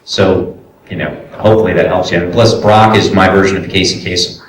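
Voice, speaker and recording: This deep-voiced voice actor and director talks fairly quickly with fairly even intonation. At a convention panel he answers audience questions in a loose, chatty Q&A, full of fillers and false starts. He's captured from far off in a room with lots of echo.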